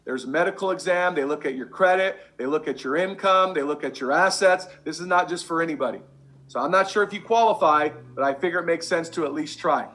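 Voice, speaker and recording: A man coaching a sales team, energetic and repetitive, drilling catchphrases over and over. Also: on the high side, fast talker. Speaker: sales trainer. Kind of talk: energetic sales training talk.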